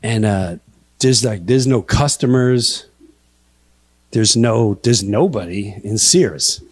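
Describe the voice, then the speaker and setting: A middle-aged man telling a story in live stand-up, animated and laughing at his own tale. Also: on the low side, slow pace, slightly rough. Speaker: stand-up comedian.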